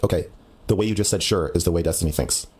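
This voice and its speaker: A man debating a caller on a stream, talking bluntly and cutting in often. His voice sits very low. He speaks at a rapid-fire clip. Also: a little mellow, husky. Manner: blunt, lecturing, interrupts. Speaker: streamer taking a call. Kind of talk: heated debate on a call.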